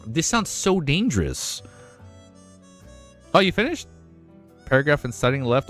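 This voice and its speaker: A man's voice: fairly high pitch, huge pitch swings, moderate pace, pauses often, fairly bright tone, faint music behind. A young man live-streaming from home, chatting casually and reading a story aloud, loose and slangy, often saying "man" and "bro" and swearing freely.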